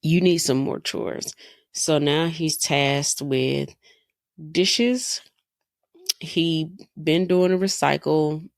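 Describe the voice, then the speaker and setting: A woman's voice: low voice, drawn-out words, creaky, no echo, studio quality. A woman in her thirties hosting a podcast, telling stories in a casual, exasperated way and firing off rhetorical questions. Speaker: podcast host. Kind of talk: casual monologue.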